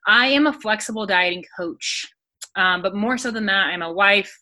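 Bright, enthusiastic young woman guest. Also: medium pitch, moderate pace. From United States. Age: 20s. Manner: enthusiastic and friendly. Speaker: guest, dieting coach. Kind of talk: casual podcast interview.

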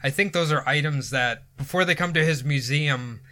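A man hosting a podcast, telling a spooky story in a casual, irreverent way. His voice is bright and sits a little high. He laughs easily along the way. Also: moderate pace. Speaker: podcast host.

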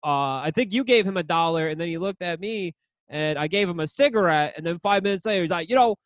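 High-voiced guy rambling thru crude bar stories, stammers a lot, dry sound. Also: fast talker, a bit bright, dry recording. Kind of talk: crude casual chat.

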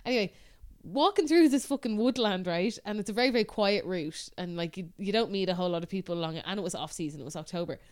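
An Irish woman chats on a podcast, telling stories in a loose, sweary and easygoing way. Her voice is smooth and clear, with a mid pitch. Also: quick pace, hardly any pauses. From Ireland. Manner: chatty storyteller, swears freely, laughs often. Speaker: podcast co-host. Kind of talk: casual chat.

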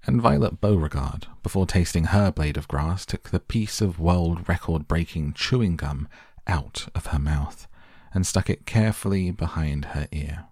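A man with a very deep, husky voice narrates an audiobook in a measured storytelling manner. He is recorded close to the mic in a dry, dead room. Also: darkish tone, no echo. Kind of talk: scripted narration.

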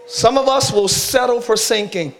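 A man preaching an energetic live sermon as pastor, shouting and hyped, calling on the congregation to respond. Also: very high voice, moderate pace, a faint crowd. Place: large church sanctuary with congregation.

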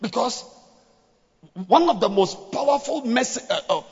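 A man preaching a sermon to pastors, dropping to hushed scripture reading and rising to shouted exhortation. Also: extremely high pitch, lively intonation, a little slow, husky. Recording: lo-fi with long hall reverb.

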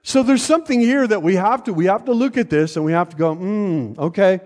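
A man's voice: high voice, animated, fast, darkish tone, big-room sound. An older man preaching a sermon from a church pulpit, conversational, with joking asides and frequent check-ins with the congregation. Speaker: pastor. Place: church sanctuary.

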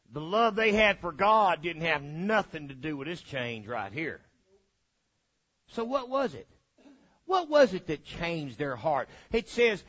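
A man preaching a sermon in an animated, folksy, joking way, captured on a dull lo-fi recording. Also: a little high.

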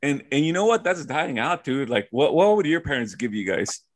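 Animated man saying "dude" a lot. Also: medium pitch, normal speed. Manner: animated, says "dude" a lot, laughs often. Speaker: podcast co-host. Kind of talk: casual chat.

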